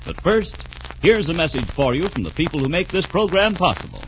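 A man's voice: on the high side, animated, a little fast, heavy background noise. Emphatic old-time radio announcer, a man. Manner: emphatic, addressing children directly. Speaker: announcer and narrator. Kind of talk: 1940s radio serial narration. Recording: muffled old radio recording.

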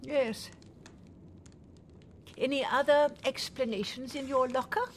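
A woman's voice: high-pitched, steady tone, slow, slight background noise. An actress playing a spirited older woman in a radio drama, talking with passion and sweeping emphasis. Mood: emphatic. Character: spirited older woman recalling a bitter old love.

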